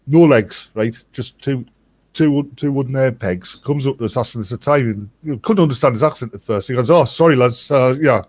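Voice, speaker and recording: Fifties male host, joke-telling storyteller, dry close sound, average pitch. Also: a little mellow, no room sound. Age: 50s. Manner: jokey anecdotal storytelling. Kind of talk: casual livestream chat.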